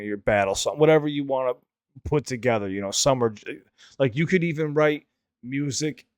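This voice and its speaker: A male reaction host talking in a smooth, somewhat low voice. His commentary is loose and candid, full of restarts and casual swearing, and the recording sounds dry and close. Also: dry recording. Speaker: reaction channel host and rapper.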